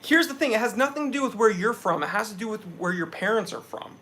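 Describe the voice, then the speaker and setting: A man's voice: sits high, expressive, fast, sharp tone, a little hiss or hum. A young man from New England hosting a live stream, chatting loosely and answering viewers. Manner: chatty, loose, reads viewer comments aloud. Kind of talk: casual live stream chat.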